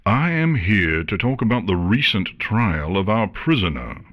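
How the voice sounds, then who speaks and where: A stern, determined guard captain, as a man reading a fan story plays him. His husky voice sits a little above the reader's own. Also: fairly low pitch, very animated, measured pace, a bit bright, pitched above the performer's own voice, full character voice.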